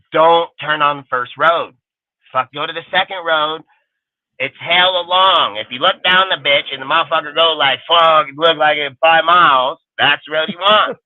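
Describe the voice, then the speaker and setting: A man's voice: a little high, no echo. A man hosting a live sports show, ranting heatedly and swearing constantly. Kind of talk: live stream rant. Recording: tinny phone-like sound.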